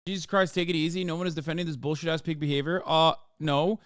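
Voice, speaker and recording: A man's voice: a little high, little pitch movement, fast talker, fairly bright tone, clean tone. A man in his thirties hosting a live stream, reacting to a video and ranting to his chat in heated, profane outbursts. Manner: talks straight to his chat. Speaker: livestream host.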